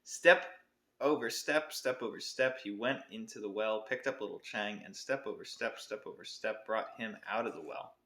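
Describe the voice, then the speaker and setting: A man's voice: on the low side, normal speed, sharp tone. A man co-hosting a podcast, reading a picture book aloud expressively, with occasional self-corrections. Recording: roomy echo.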